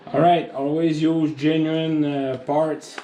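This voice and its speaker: A man's voice: on the high side, flat delivery, slow pace, dark tone. A man with a French accent explaining tractor upkeep in a chatty, rambling how-to vlog, joking at himself. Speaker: tractor owner showing maintenance.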